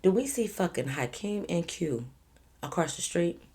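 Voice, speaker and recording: A woman vlogger telling a personal story to camera, blunt and animated, swearing freely and talking straight to her viewers. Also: on the low side, normal speed, music in the background.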